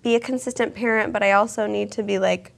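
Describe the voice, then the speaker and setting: Chatty woman with a gravelly edge. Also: mid-range voice, fairly even intonation, quick pace. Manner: chatty, laughs often, filler-heavy. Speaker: co-host. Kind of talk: casual panel chat.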